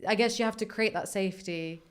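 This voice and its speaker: A woman's voice: medium pitch, brisk, a little hiss or hum. A woman hosting a casual podcast, curious and asking questions, murmuring agreement while her guest talks. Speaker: podcast host.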